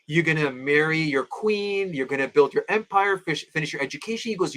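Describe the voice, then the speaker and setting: Lively, bright-voiced man telling stories. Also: brisk. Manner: animated, acts out friends' voices with big pitch jumps; addresses host as "my beloved father". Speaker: interview guest. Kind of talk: storytelling in casual interview.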